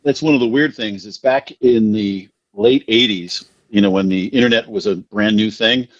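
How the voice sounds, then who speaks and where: A man's voice: on the low side, moderate pace, dry recording. A middle-aged man from New Jersey, telling long rambling stories with self-deprecating humor as a podcast guest. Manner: rambling, animated anecdotes with self-deprecating laughs. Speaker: podcast guest, recovery speaker. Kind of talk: casual storytelling. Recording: dry, dull lo-fi audio.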